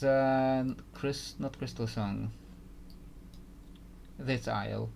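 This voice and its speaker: A man's voice: medium pitch, a little slow, gravelly. A man giving casual gameplay commentary, hesitant and thinking aloud with frequent restarts. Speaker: gaming YouTuber.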